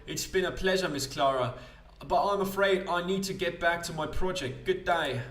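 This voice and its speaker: A man's voice: on the high side, moderate pace, fairly bright tone, voice pushed up, natural voice. Guy putting on a chatty posh british gent, spilling gossip, roomy distant sound. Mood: gossipy.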